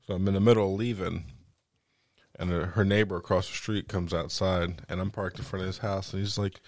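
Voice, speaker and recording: A man's voice: deep voice, level tone, brisk, darkish tone, no room sound, studio quality. A man in a casual podcast chat, telling anecdotes with lots of swearing. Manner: profane, laid-back storyteller. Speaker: podcast guest.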